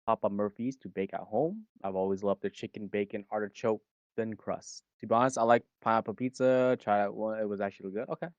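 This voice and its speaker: A man co-hosts a live stream, joking in a laid-back way and reading out viewer messages. His voice is fairly low. The recording is dry and close. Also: steady tone, brisk, no echo, highs cut off. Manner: laid-back, joking, reads chat aloud. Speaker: VTuber streamer and co-host. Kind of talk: casual stream chat.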